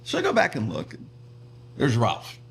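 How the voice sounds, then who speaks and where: Middle-aged male guest, animated storyteller with faint background hum. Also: mid-range voice, moderate pace, vocal fry. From Pittsburgh, USA. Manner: animated, laughs often, acts out voices in his stories. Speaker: comedian and radio personality guest. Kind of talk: casual storytelling interview.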